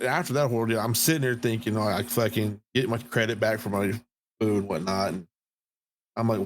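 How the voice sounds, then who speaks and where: A man's voice: fairly low pitch, a little hiss or hum. A man in his thirties on a podcast, telling a story in a profane, heated way. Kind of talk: casual podcast chat.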